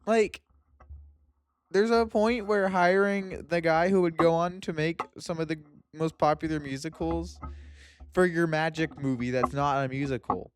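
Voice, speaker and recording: A man's voice: fairly high pitch, steady tone, measured pace. A young man in casual chat about movies, rambling and laughing, often breaking off mid-sentence. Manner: rambling, laughing, self-interrupting. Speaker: movie review youtuber.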